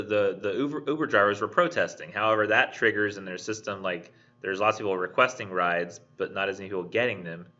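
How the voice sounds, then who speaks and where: A man's voice: lowish voice, sharp tone, dull audio. A man giving a recorded online college lecture, rambling with many fillers and restarts. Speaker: college English instructor.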